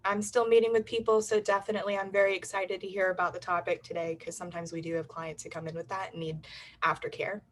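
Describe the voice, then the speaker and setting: A woman's voice: on the low side, little pitch movement, fast, low-quality recording. A woman with a Southern US accent giving a hesitant, self-conscious, giggly introduction on a video call. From Southern United States. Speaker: treatment center representative.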